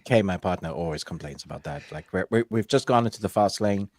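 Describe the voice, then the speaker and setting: A man with a fairly low voice chats about his day and movies as a podcast co-host. He is playful and laughs easily. The sound is dry and close to the mic. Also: fast talker, darkish tone, no echo. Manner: chatty, laughs often, playful. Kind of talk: casual chat.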